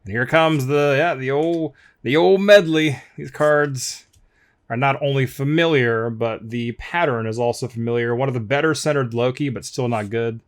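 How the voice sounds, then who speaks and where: A man's voice: medium pitch, normal speed. A man opening trading card packs on camera, grumbling wryly about poor centering and talking to his viewers as folks. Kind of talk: casual box-break commentary.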